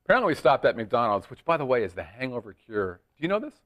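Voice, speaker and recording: A man's voice: medium pitch, sing-song, fast talker, a bit bright, slight background noise. Teasing rambling producer, a man. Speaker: show producer and stand-in guest. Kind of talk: casual late-night chat. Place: studio.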